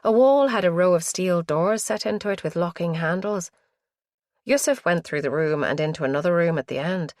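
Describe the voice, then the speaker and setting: Woman narrator, low voice, measured thriller reading, dry studio sound. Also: darkish tone, no echo. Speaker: audiobook narrator. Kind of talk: scripted narration.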